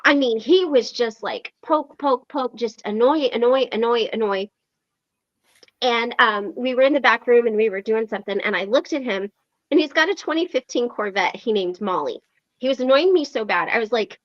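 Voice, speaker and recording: A woman's voice: high-pitched, moderate pace, lo-fi sound. A woman telling a story on an online meeting, acting out the quoted lines with lots of fillers. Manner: animated, acts out quoted lines, frequent fillers. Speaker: recovery meeting host. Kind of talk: casual storytelling.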